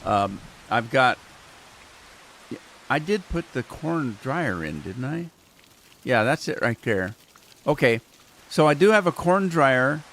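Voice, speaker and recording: A man's voice: mid-range voice, very animated, slow, pauses often, fairly bright tone, slight background noise. Chatty man rambling over a farming game. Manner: rambling, chatty, talks to himself and chat. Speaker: gaming channel host. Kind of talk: casual gameplay commentary. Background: rain sounds from the game.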